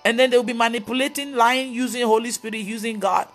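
A woman's voice: fairly high pitch, quick pace, faint music behind. A woman pastor preaching on a live video, telling stories and scolding with emphatic exclamations. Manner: animated storytelling, mimicking others' voices.

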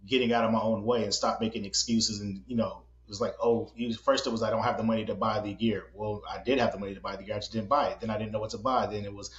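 A playful man hosts a podcast and tells stories at a fast clip in a lowish voice. The recording has a roomy echo and sounds muffled. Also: steady tone. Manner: playful, joking, quick storyteller. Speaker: podcast host. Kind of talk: casual interview chat.

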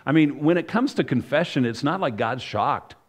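A man's voice: mid-range voice, lively intonation, normal speed. Conversational man preaching a sermon. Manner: conversational, with many asides and self-corrections. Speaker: pastor.

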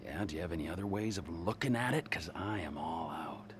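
A man's voice: sits low, expressive, fast, noisy background. An actor playing a volatile, sarcastic middle-aged male criminal in a video game cutscene, drawing words out with mock politeness and dropping into sudden whispers. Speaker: criminal old friend returning from the past.

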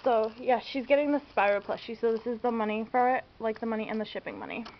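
A young woman with a slightly high voice, lively intonation and quick pace chats casually as she unboxes items indoors at home. This vlogger is bubbly and gushing, frequently giggling and squealing. Dull lo-fi home camera audio carries faint hiss.

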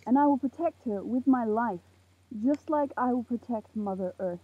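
An eighteen-year-old woman ranting to camera outdoors at night, heated and swearing, with a very husky voice. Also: on the high side, moderate pace. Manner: heated, swearing, preachy outbursts. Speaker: vlogger. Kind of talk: impassioned rant to camera. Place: outdoors in a parking lot at night under a makeshift roof. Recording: tinny phone-like lo-fi sound.

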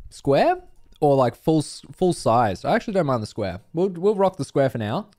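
A man chatting to his viewers during a live game stream, animated and swearing freely. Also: fairly high pitch, normal speed. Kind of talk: live gameplay stream chat.

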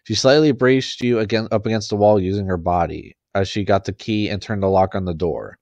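A man reading a story aloud, unpolished and full of restarts. His voice is fairly low, and the sound is close and dry. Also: fairly quick, darkish tone, dry recording. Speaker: story reader. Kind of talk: reading fan fiction aloud.

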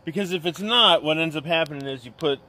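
A man's voice: fairly high pitch, quick pace, pushed and bright. A man giving a casual, rambling tour of his garage and tools, full of fillers and self-deprecating asides. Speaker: lawn care business owner giving a garage tour.

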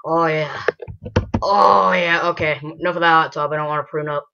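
A woman hosting a gaming channel, giving casual gameplay commentary, excitable and rambling, often bursting into loud exclamations. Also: fairly low pitch, moderate pace. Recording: dull lo-fi home recording.

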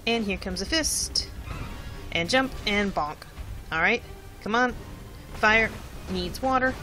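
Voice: medium pitch, slow pace, bright, forceful tone, soft background music. A let's play host giving casual gameplay commentary, thinking aloud in a chatty way and chanting repeated words while timing moves.

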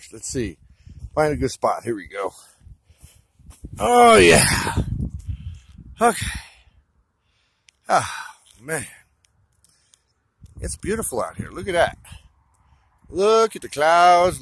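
A man recording a rambling walk-and-talk vlog outdoors, speaking straight to an absent listener, halting with many fillers and restarts. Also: fairly high pitch, sing-song, creaky, fairly bright tone, a little hiss or hum. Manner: talks directly to an absent listener. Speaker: vlogger. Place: outdoors in open desert country. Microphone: phone or camera held while walking.

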